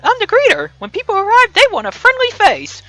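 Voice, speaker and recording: A man voicing a bubbly young woman who works as a resort greeter, in a squeaky falsetto, eager and chirpy, reading from a dating game. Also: huge pitch swings, a little fast, sharp tone, no room sound, heavily acted, rough recording.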